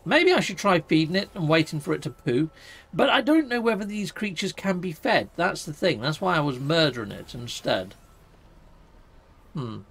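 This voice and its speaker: A man streams his game with running commentary, swearing in playful minced oaths and calling his viewers people. His voice sits slightly high with a gravelly edge, and his pitch swings widely from line to line. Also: a bit bright. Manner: chatty, mock-swearing, addresses viewers as people. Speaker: gaming streamer.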